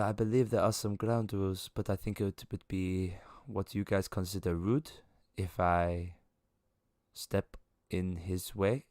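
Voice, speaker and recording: A man putting on a deadpan, aloof woman. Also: low voice, no room sound, studio quality. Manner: measured, deadpan, quiet. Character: aloof, dry-witted woman of few words. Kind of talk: voicing a character in a tabletop game.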